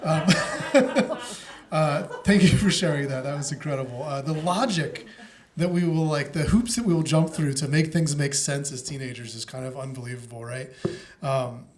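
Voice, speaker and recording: A man hosting a live storytelling show on a small theater stage, chatty and relaxed with fillers. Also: on the high side, normal speed. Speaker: host.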